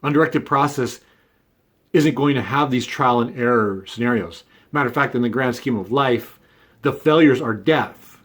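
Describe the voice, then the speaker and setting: A man's voice: medium pitch, normal speed, fairly bright tone. A man hosting his own video, talking through an argument in a casual unscripted monologue full of fillers and asides. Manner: conversational, many fillers and "right?" tags. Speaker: video essay host.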